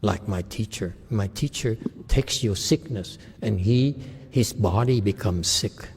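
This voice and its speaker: A man's voice: fairly low pitch, measured pace, a little mellow, slightly rough, big-room sound. A man as a Chan meditation teacher giving a dharma talk to a group, laughing often and checking in with "okay?".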